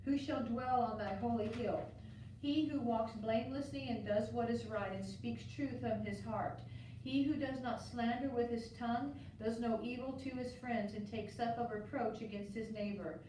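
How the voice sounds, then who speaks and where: A woman with a fairly high voice reads scripture aloud in a steady, measured way, rising on each call to God. She sits far from the mic in a very echoey church, with a faint hiss underneath. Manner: steady, measured reading, lifting the voice on calls to God. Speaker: scripture reader.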